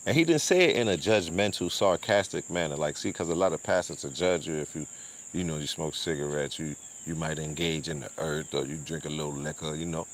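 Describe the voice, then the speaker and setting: A man's voice: low-pitched, brisk. A man, hosting a casual livestream, laid-back with lots of slang, often laughing and repeating words. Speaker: streamer and show host. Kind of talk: casual livestream chat and shout-outs.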